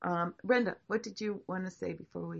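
A woman facilitating a group discussion, reflective and encouraging, talking in halting restarts. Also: fairly low pitch, fairly even intonation, creaky, highs cut off.

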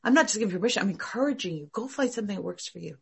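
A woman teaching a meditation class in an emphatic, animated way, repeating her points. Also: mid-range voice, rapid-fire, gravelly, breathy edge. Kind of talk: casual class talk.

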